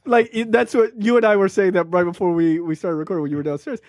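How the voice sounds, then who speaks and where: A man co-hosting a casual movie review podcast, talking in an animated, profane way and acting out characters' lines. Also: high voice, quick pace, no room sound, clean studio sound. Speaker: podcast co-host.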